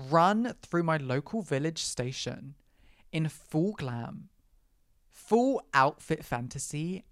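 A man's voice: medium pitch, clear, resonant tone, no echo, clean studio sound. A man telling a personal story as a podcast host, chatty and dramatic, with quoted asides and the odd swear word. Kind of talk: casual storytelling monologue.

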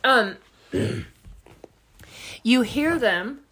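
Animated, lively-voiced woman. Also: fairly high pitch, extremely slow. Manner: animated, laughing, exaggerated storyteller. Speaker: podcast co-host. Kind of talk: casual storytelling chat.

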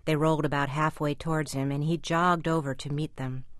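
Low-voiced woman reading a reflective essay. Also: fairly even intonation, a little fast, dry recording, studio quality. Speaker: commentator. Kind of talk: scripted personal essay.

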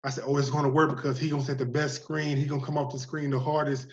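A man's voice: a little high, quick pace, dull audio. A man talking as a basketball coach and podcast guest, telling stories and acting out his players' words in casual conversation. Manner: animated storyteller, acts out players' words.

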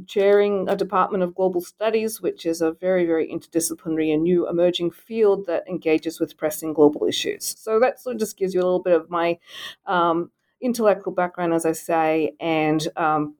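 A woman in her fifties from Australia, with a softened Australian accent, speaking as a scholar in a podcast interview, thoughtful with frequent ums. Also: lowish voice, steady tone, moderate pace. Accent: Australian, softened by US years. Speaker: guest scholar, department chair.

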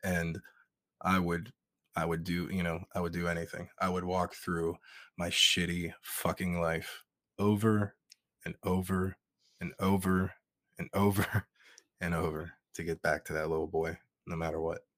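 A man's voice: deep voice, little pitch movement, measured pace, fairly bright tone, dry recording, clean studio sound. A man being interviewed as an author, speaking in a heartfelt, earnest way and swearing now and then. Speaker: guest, author. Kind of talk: emotional interview talk.

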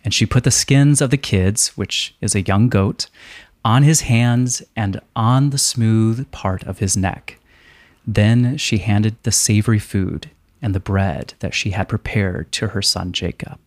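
A man co-hosting a podcast who mixes campy, wry commentary with even readings of scripture verses. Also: fairly low pitch, unhurried, dry recording. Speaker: podcast co-host. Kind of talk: casual chat and scripture reading.

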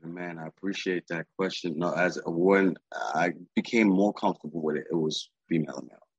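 A husky, very low-voiced man talks fast and freely as an interview guest. He is streetwise and profane, and he keeps tossing in filler phrases. The sound is dry and a little muffled. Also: dry recording. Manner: streetwise, profane, rambling with "you know what I'm saying". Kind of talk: candid casual interview talk.

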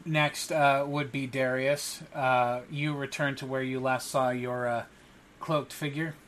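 A man narrating as game master of a tabletop role-play, pausing often with ums and uhs. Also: mid-range voice, level tone, fairly bright tone, a little hiss or hum. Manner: halting, many ums and uhs.

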